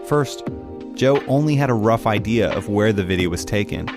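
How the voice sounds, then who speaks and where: A man giving scripted podcast narration in a measured, matter-of-fact way. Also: lowish voice, expressive, music in the background. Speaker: story narrator.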